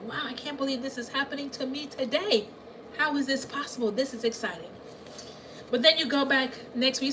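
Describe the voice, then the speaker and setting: Woman, financial coach, lively, repeats herself, faint background noise. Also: on the high side. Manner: animated, repeats herself, asks listeners if they hear her. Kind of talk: live coaching session.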